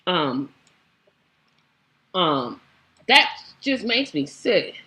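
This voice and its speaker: A woman's voice: on the low side, sing-song, extremely slow, sharp tone. A woman hosting a political commentary show, talking in a sassy, exasperated way and hammering her points with repetition. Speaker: show host.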